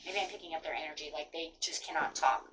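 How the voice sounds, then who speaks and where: A woman's voice: low-pitched, steady tone, fast talker, a bit bright, far from the mic, a little hiss or hum, poor audio. A woman giving a casual tarot reading, rambling and full of fillers like "kind of" and "like". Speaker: tarot reader.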